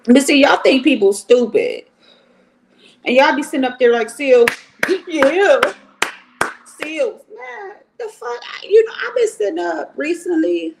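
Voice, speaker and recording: A middle-aged woman from Cleveland giving blunt, profane, animated commentary on a livestream. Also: on the high side, vocal fry. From Cleveland, Ohio.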